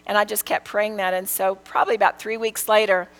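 A woman's voice: mid-range voice, brisk, poor audio. A middle-aged woman, teaching a sermon with earnest storytelling. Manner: earnest, storytelling, lively quoted prayers. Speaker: Bible teacher.

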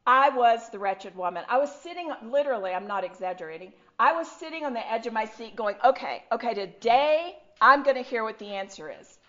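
A middle-aged woman with a fairly high voice shares her personal testimony with a roomful of listeners. She tells it in an animated, self-deprecating way, stumbling and restarting as she goes. The recording sounds dull and lo-fi. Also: a little fast, hardly any pauses. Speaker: speaker sharing her testimony. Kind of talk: personal testimony talk to a live audience. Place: room with an audience.

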